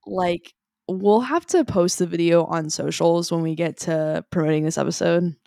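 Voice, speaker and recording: A woman co-hosting a podcast, telling a story in animated casual chat and saying "like" a lot. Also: on the low side, normal speed, gravelly, dry recording, studio quality. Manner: animated storytelling, heavy use of "like". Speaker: podcast co-host.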